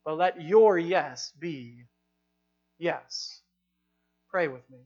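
A woman's voice: on the low side, a little mellow, breathy edge. Earnest woman preaching, dull lo-fi sound. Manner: emphatic, repeating lines for effect; ends in prayer with slow, drawn-out phrasing. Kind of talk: sermon. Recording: dull, lo-fi recording.

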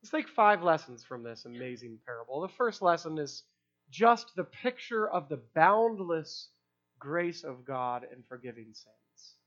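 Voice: medium pitch, sing-song, unhurried, highs cut off. A preacher giving an expository sermon in a conversational way, asking rhetorical questions and using casual fillers.

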